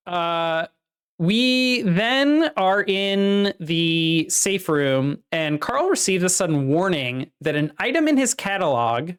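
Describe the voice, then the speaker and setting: A woman with a slightly low voice co-hosts a casual book podcast. She recaps the plot at length in a lively, chatty way. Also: clear, resonant tone. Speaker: podcast co-host.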